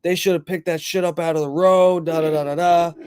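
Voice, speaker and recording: A man's voice: fairly high pitch, little pitch movement, brisk, darkish tone, clean tone, dry recording, clean studio sound, natural voice. A man voicing an agitated male driver who keeps cursing and apologizing after a crash. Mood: flustered. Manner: swearing, flustered, apologetic ranting.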